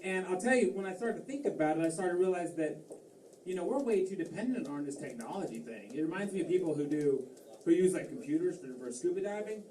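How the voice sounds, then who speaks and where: Rambling stand-up comic in a roomy club. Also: male voice, fairly high pitch, expressive, fast, warm tone, a little hiss or hum. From Massachusetts. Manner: rambling, self-deprecating, lots of fillers and restarts. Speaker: stand-up comedian. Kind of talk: stand-up comedy set. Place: comedy club stage. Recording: roomy club sound from a distance, faint crowd ambience.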